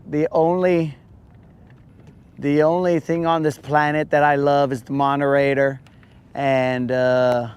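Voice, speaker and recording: A man hosting a live fishing stream, chatting casually and teasing his viewers in a joking, drawn-out way. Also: mid-range voice, clear, resonant tone. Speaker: fishing livestream host.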